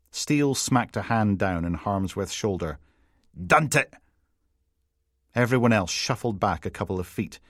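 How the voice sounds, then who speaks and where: A man's voice: lowish voice, dry recording, clean studio sound. A man narrating a crime thriller audiobook in a wry, descriptive storytelling manner.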